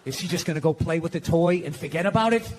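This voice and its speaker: A man doing profane, exasperated stand-up comedy, ranting and acting out shouted confrontations. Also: on the high side, fast, slight background noise. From United States.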